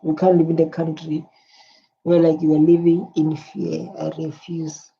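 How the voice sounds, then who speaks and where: A woman's voice: sits low, completely flat delivery, measured pace, breathy edge. Earnest woman reacting. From South Africa. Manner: earnest, repeats herself, hums along while listening. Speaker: reaction video host. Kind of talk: emotional reaction commentary. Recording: dull lo-fi audio with faint noise.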